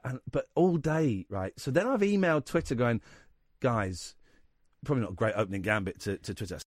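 Male radio host, lively storyteller, dry close studio sound. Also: medium pitch, a little fast, dry recording. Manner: rambling, animated anecdote-telling with quoted voices. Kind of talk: casual radio chat, storytelling.

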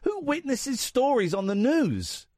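A man hosting a radio phone-in, teasing a caller and quick to laugh. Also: very high-pitched, very animated, a little mellow, dry recording, clean studio sound. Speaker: radio host. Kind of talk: phone-in banter. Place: radio studio.

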